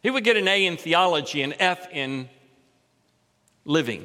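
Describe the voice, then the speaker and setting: A middle-aged man delivers an expository sermon from the pulpit. His voice sits high and bright, and it climbs and swells when he stresses a line. Long reverb from the sanctuary trails each phrase. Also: animated, moderate pace. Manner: expository preaching, rising in pitch and force for emphasis. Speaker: pastor.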